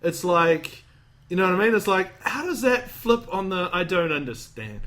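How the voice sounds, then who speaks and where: A man's voice: high voice, normal speed, a bit bright. A man hosting a podcast, rambling and joking in casual chat, acting out lines from a movie. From Australia. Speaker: podcast host.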